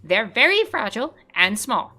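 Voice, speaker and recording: A woman's voice: a little high, very animated, moderate pace, heavily acted. A woman voicing a small, fussy creature that guards its shells, speaking in dramatic, defensive outbursts while reading a game's lines. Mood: alarmed. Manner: dramatic, defensive, bursts of loud alarm.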